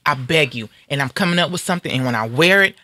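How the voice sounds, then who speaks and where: A woman's voice: low voice, expressive, quick pace, sharp tone, a little hiss or hum. A Black American woman hosting a live stream, speaking out in anger with fierce emphasis in casual, heated talk. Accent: African American. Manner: angry, fiery, emphatic.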